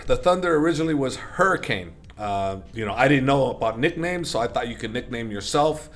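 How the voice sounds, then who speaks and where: A man's voice: medium pitch, expressive, fairly quick, hardly any pauses. A middle-aged man, an interview guest, telling stories in a rambling, casual way with many fillers and self-corrections. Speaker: interview guest, MMA coach.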